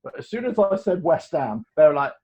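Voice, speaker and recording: A man in his fifties tells long, rambling stories as a guest, his voice sitting a touch high and full of animation. He laughs easily between lines. The recording sounds dull and lo-fi. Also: sing-song, fairly quick, dark tone. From England. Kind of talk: casual storytelling chat.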